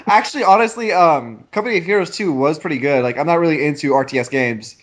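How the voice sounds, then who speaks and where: A man's voice: fairly high pitch, quick pace, a bit bright. A man, a games journalist on a casual podcast, talking about previews with hesitation, many fillers and restarts. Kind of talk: casual chat.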